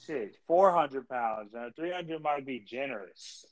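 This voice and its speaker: A young man co-hosting a casual sports podcast, ranting in exasperation and swearing constantly, his pitch jumping high when he gets worked up. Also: lively intonation, a little slow, crowd noise, low-quality recording. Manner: profane, exasperated ranting with big pitch jumps. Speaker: podcast co-host.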